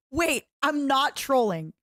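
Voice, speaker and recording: A woman's voice: sits high, no echo, clean studio sound. A woman from Eastern Europe streaming, chatting playfully with her chat and often breaking into giggles. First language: French-schooled, non-native English.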